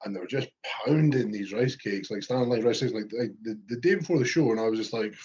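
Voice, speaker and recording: A man's voice: fairly low pitch, fast talker, lo-fi sound. A Scottish man co-hosting a podcast, telling backstage stories in casual chat with lots of swearing. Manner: swears freely, animated storytelling. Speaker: podcast co-host.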